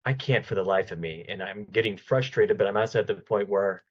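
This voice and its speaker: A man with a fairly low voice tells a long anecdote as a podcast guest, animated and chatty. He often stumbles and restarts mid-sentence. The recording sounds somewhat dull and lo-fi. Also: a little fast, breathy edge. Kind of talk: casual storytelling in an interview.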